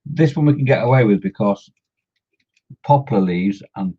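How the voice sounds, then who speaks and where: A man's voice: on the low side, expressive, normal speed, husky, lo-fi sound. A man chatting casually on a scale-modelling live stream, greeting viewers by name and joking as he works.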